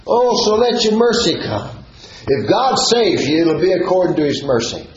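A man's voice: sits high, big pitch swings, normal speed, slight background noise. A man preaching a sermon, reading scripture and explaining it verse by verse with fervent, sing-song exclamations. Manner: reads and expounds scripture verse by verse. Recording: dull, echoey church recording.

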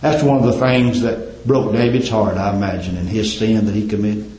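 A man's voice: fairly even intonation, moderate pace, a little hiss or hum. Fervent preacher man in echoey hall. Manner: fervent, swinging between loud climbs and low hushed drops. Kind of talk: sermon. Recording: very echoey, dull lo-fi church recording.

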